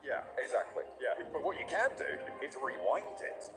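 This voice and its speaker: A man's voice: medium pitch, very animated, normal speed. Playful, rambling male esports caster. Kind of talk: live esports commentary.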